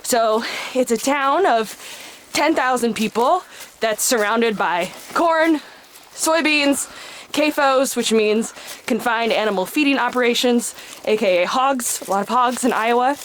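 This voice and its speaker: A woman with a light Midwestern accent talks in an easy, relaxed way while hiking uphill, a little short of breath. Her voice sits somewhat high. Faint outdoor noise runs behind her. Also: measured pace. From Midwest United States. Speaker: podcast guest. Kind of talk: casual chat while hiking.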